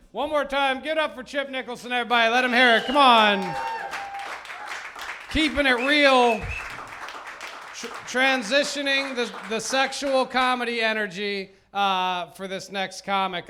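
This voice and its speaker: A man hosting a comedy show, pumping up a live crowd loudly. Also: extremely high pitch, moderate pace, background noise. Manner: loud, pumped-up crowd hype. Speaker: show host. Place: comedy club stage.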